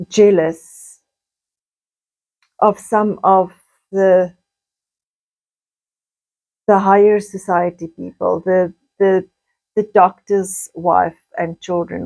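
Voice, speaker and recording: A middle-aged woman, slowly recounting painful childhood memories in a halting personal monologue. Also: fairly low pitch, creaky, darkish tone, poor audio. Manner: slow, halting, with frequent restarts and pauses.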